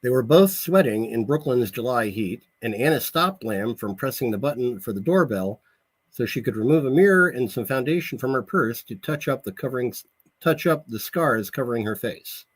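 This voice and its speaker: An author reads a passage from his own novel at a steady, unhurried, measured pace, occasionally catching and correcting a word. His mid-pitched voice has a husky, breathy grain.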